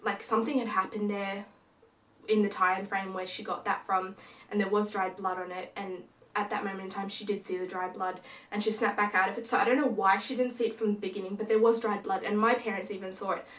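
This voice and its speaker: A woman's voice: medium pitch, a little fast, recorded from a distance. A young woman vlogger casually telling a ghost story, acting out what her family said. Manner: animated retelling that acts out quoted family lines. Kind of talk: casual storytelling of a paranormal experience. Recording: echoey room, voice away from the mic.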